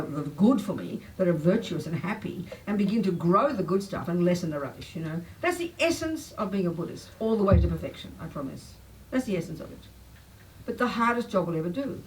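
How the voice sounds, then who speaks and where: An older woman teaching a public Buddhist talk, blunt and emphatic, pitch swinging up when she makes a point. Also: recorded from a distance, low-quality recording. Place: talk venue. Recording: faint noise, voice a bit off-mic.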